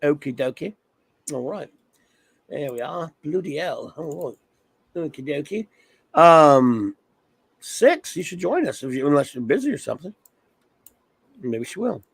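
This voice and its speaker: A man's voice: on the high side, very animated, a little slow, creaky, long pauses, breathy edge, dry recording. A man hosting a casual livestream, rambling as he reads off viewer names. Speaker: livestream host. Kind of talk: casual chat.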